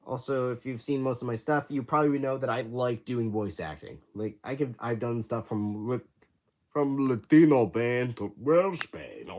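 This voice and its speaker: A teenage boy chatting casually on a livestream from his bedroom, halting and rambling with many restarts. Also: mid-range voice, fairly even intonation. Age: teens. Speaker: livestream host.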